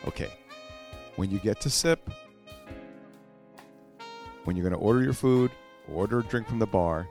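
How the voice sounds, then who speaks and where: A man's voice: low-pitched, moderate pace, long pauses, music in the background. A man hosting a podcast, upbeat and enthusiastic, closing an interview and reading a sponsor spot. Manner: upbeat, laughs easily, enthusiastic. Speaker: podcast host. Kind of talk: casual interview and sponsor read.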